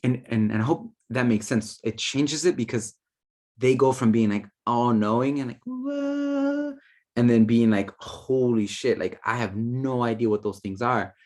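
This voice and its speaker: A man's voice: mid-range voice, fairly even intonation, moderate pace, darkish tone. Guy talking about spirit guides, super casual and slangy, lots of likes and you-knows. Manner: playful, slangy, lots of fillers and quoted asides. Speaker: spiritual teacher.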